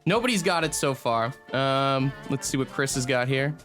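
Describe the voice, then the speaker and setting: A man's voice: mid-range voice, normal speed, fairly bright tone. Male morning radio host, teasing, music bed.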